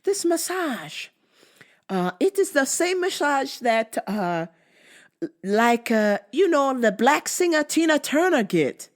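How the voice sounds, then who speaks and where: A woman voicing a pushy older woman who sells massages in halting, broken English. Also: high-pitched, very animated, voice pushed up, full character voice. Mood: insistent.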